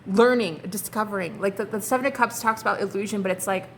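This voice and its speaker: A young woman reading tarot cards for her viewers, excitable and flustered. She swears casually, giggles, and calls the audience honey and girl. A faint hum of noise sits behind her voice. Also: medium pitch, fast. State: flustered and hot. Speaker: tarot reader.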